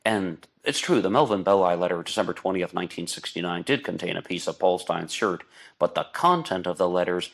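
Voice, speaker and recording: A man with a low, deep voice hosts an online radio show in casual, rambling commentary. He talks at length and slips into exasperated asides. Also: lively intonation, a little fast, vocal fry. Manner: talkative, exasperated asides, mocks with put-on voices. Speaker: podcast host. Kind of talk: casual true-crime commentary.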